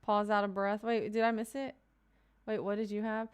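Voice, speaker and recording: A woman's voice: medium pitch, level tone, moderate pace, clean tone. A woman from Kentucky streaming live, chatting casually with her viewers and reading out their comments with loose asides and fillers.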